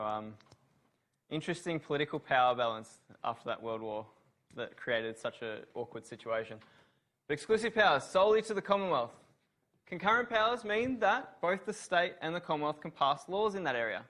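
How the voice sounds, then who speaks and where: A man's voice: mid-range voice, fairly bright tone. A man giving a university revision lecture on law, asking students questions and praising their answers.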